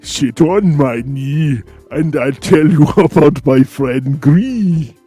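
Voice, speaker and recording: A man putting on a slow, drawn-out old grandpa voice telling a bedtime story. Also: a little high, lively intonation, mellow, slightly rough, faint music behind, exaggerated voice. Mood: cosy.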